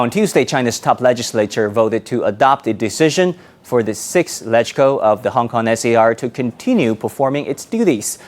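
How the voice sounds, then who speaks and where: A man sitting in as host of a live-stream news show, chatting loosely before airtime and then reading a script crisply. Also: mid-range voice. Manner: relaxed banter off air, crisp scripted delivery on air. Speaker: stand-in host.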